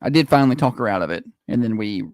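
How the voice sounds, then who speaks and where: A man's voice: medium pitch, fast talker, no echo. Man, morning radio co-host, teasing, dry humor, dry close mic. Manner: teasing, dry humor, animated when telling stories. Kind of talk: casual morning radio chat. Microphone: studio microphone.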